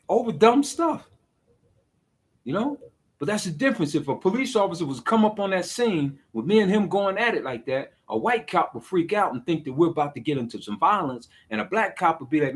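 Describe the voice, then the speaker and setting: A man in his forties giving an exasperated, animated rant in a casual vlog and laughing between points. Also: high-pitched, fairly quick, breathy edge. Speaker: vlogger.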